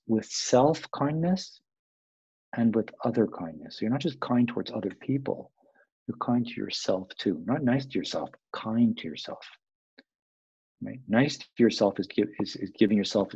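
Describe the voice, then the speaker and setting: A man's voice: fairly low pitch, normal speed, mellow, slightly rough, no echo, highs cut off. A man explaining mindfulness in a rambling, self-aware way, acting out little quoted voices. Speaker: interview guest.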